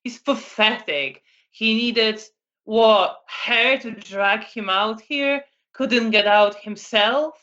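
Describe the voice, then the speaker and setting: A woman's voice: a little high, takes it slowly, sharp tone, pitched above the performer's own voice. A woman voicing a young male vampire who mocks and belittles with contempt, on a lo-fi recording. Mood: mocking. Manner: mocking, contemptuous.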